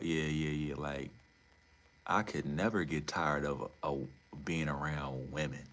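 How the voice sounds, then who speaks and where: A young man chatting casually on a livestream, animated and profane, swinging between low mutters and loud incredulous outbursts. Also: measured pace, a little hiss or hum.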